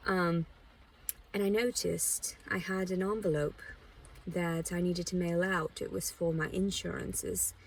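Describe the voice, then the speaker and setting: A woman's voice: lowish voice, fairly even intonation, unhurried, breathy edge, recorded from a distance. A woman talking to camera in a meandering personal monologue, frank and blunt, often restarting her sentences. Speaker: vlogger.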